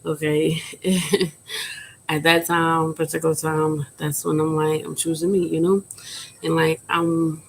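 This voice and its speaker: A woman in her late thirties talks candidly to her viewers, keeping her volume low and subdued. Her voice has a gravelly, creaky edge, and she rambles with lots of fillers. Faint ambient noise sits underneath. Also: completely flat delivery, slow pace, low-quality recording. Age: 30s. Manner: quiet, subdued speaking volume; frank, rambling, with frequent fillers. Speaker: vlogger. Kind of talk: candid personal vlog talk.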